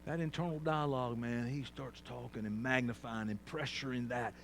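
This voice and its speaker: A man preaching a sermon, swinging from quiet, low passages to loud, shouted peaks. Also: steady tone, moderate pace, vocal fry, slight background noise. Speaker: pastor.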